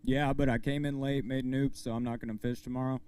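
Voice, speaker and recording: A man's voice: mid-range voice, clear, resonant tone. A tournament angler, a man, briefly explaining a missed check-in and thanking his sponsors on stage outdoors. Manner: quick, flat-voiced sponsor shout-outs.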